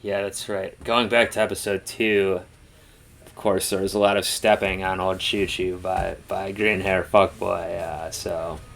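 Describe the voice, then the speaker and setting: A man's voice: low voice, level tone, unhurried, gravelly, fairly bright tone. A man co-hosting a reaction show, chatting casually in a rambling, laid-back way with lots of fillers. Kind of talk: casual chat.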